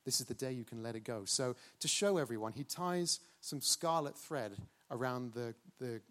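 A man delivers a dramatic sermon at a middling pitch. He slows down to stress key words and keeps coming back to a rhetorical refrain. His tone is animated and engaged with his listeners. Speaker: preacher.

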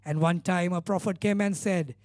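Earnest preacher man with a high, mellow voice. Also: fairly even intonation, moderate pace, dry recording, studio quality. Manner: earnest, emphatic storytelling with repeated phrases. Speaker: pastor. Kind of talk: sermon.

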